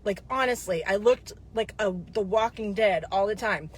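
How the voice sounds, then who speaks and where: A woman's voice: mid-range voice, normal speed, husky. A woman in her fifties talking casually to her viewers, rambling from one story to the next, with frequent digressions and restarts. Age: 50s.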